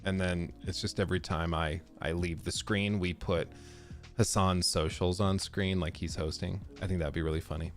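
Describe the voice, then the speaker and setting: A man's voice: low voice, steady tone, moderate pace, soft background music. A man hosting a casual live stream from his basement desk, ranting sarcastically and mocking what others say in quoted voices. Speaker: livestream host.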